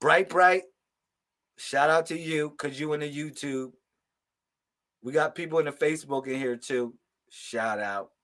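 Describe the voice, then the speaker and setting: A man chats casually on a live stream of psychic readings, his voice high and bright. He talks slowly and loudly in slang and laughs easily. He keeps calling out to his viewers. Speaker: livestream host giving psychic readings.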